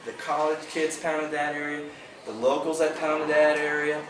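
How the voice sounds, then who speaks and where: Animated man telling a fishing story. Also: fairly high pitch, normal speed. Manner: animated, laughing, acts out dialogue. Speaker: angler telling a tournament story. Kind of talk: casual storytelling to a club meeting. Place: meeting room. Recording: echoey room from far off, background noise.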